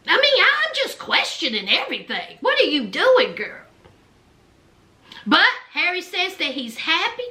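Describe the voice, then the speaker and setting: Sassy woman recapping reality tv, super high voice, bouncy and lively. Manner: sassy, chatty commentary. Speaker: TV recap host.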